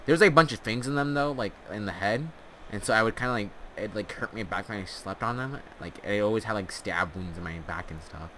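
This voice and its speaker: A man telling an absurd comic story in a meandering, deadpan way, full of filler words. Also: on the low side, brisk, a little hiss or hum. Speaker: storyteller host.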